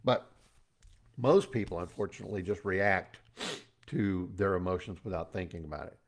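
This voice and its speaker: A man's voice: sits low, moderate pace. A middle-aged man giving a casual motivational talk as host, chatty and folksy, with pop-culture asides.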